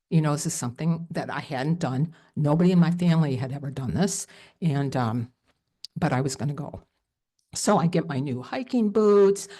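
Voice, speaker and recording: A woman shares a personal story at a live storytelling event. Her voice sits low and sounds mellow and warm. She tells it in an animated, emotional way, full of fillers.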